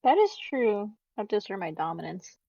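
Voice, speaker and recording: A woman's voice: mid-range voice, sing-song, a little fast, gravelly, mellow, dry recording, dull audio. A woman playing a tabletop game, giggly and teasing. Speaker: player. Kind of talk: casual play at a tabletop game.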